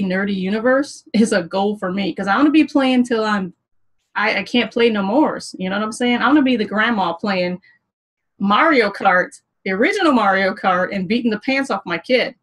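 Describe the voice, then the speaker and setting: An earnest woman hosts a gaming livestream and rallies her viewers in casual, plain-spoken talk. Her voice sits at an ordinary middle pitch for a woman, and now and then she lets a swear word slip. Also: brisk, poor audio. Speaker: host. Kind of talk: livestream panel chat.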